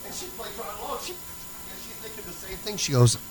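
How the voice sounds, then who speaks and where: A man's voice: high-pitched, very animated, brisk, low-quality recording. A man preaching a sermon as pastor, folksy and emphatic as he tells a story. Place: church sanctuary.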